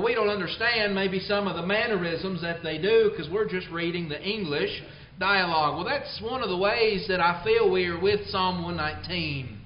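A man preaching a sermon in a church, folksy and unhurried, reading scripture slowly. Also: sits high, a little hiss or hum. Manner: folksy storytelling, slow deliberate scripture reading. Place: church auditorium. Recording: roomy, slightly dull church radio broadcast.

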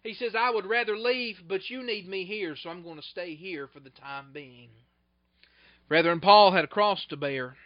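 A man preaching a sermon, swelling loud and then dropping soft and slow to stress his points. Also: sits high, dull audio.

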